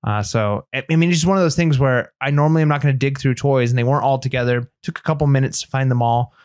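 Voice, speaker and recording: A man co-hosting a casual chat podcast, speaking fast and loosely with plenty of "like" and restarts. He sounds close and dry, with no room sound. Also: mid-range voice, darkish tone, no echo. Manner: rapid, rambling, lots of fillers and restarts. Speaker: podcast co-host.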